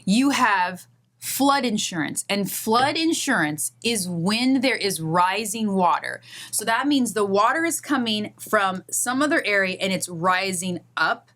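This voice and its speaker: Animated woman attorney hosting a podcast. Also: medium pitch, measured pace. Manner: animated storytelling, acts out phone calls. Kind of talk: casual chat.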